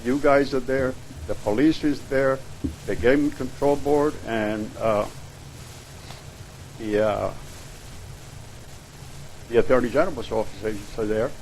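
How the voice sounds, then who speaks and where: A man's voice: medium pitch, fairly even intonation, measured pace, long pauses, a little mellow, a little hiss or hum, rough recording. A man giving aggrieved, insistent testimony at a public hearing. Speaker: public commenter. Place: hearing room.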